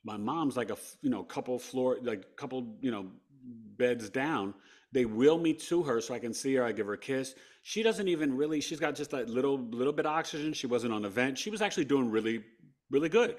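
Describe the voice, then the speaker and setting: A New York man in his fifties, appearing as a podcast guest, tells a personal story casually, peppering it with "right?" and "you know." His mid-range voice is animated and runs a little fast.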